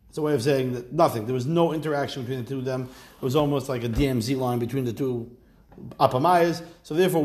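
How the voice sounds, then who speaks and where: A man with a fairly high voice teaching a Talmud class in a relaxed way. He reads the Aramaic text, then explains it in plain talk with dry, joking asides.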